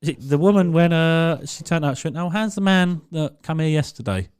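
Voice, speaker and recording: A man's voice: fairly high pitch, animated, moderate pace, darkish tone, clear, resonant tone. A young man, co-hosting a podcast, telling a funny story and laughing through it, swearing freely. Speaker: podcast co-host. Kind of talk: casual storytelling.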